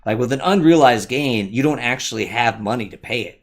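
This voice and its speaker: A man's voice: mid-range voice, expressive, a little fast. A man hosting a solo livestream, explaining a point as he thinks aloud, with frequent asides and restarts. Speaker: livestream host.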